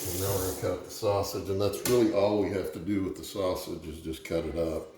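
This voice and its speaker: A man's voice: low voice, fairly even intonation, brisk, a crowd in the background. Easygoing man in an echoey kitchen. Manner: easygoing, chatty storyteller. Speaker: home cooking host. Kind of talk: casual cooking demo and joke telling. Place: home kitchen.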